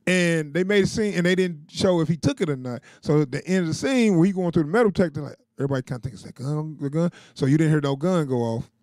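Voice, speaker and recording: A man's voice: a little high, fast, few pauses, darkish tone, no room sound, studio quality. Chatty man recapping a TV episode. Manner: loose and chatty, with frequent chuckles and filler words. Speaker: TV show reviewer.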